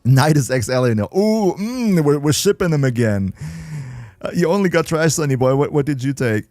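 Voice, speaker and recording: A man's voice: on the high side, lively intonation, normal speed, dark tone, dry recording, clean studio sound. A man chatting casually on a game livestream, playful, laughing often and restarting his sentences. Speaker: game streamer.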